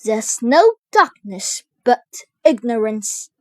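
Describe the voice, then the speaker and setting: A woman voicing a male jester who puts on a gruff, solemn doctor's voice. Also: on the high side, lively intonation, slow pace, darkish tone, no echo.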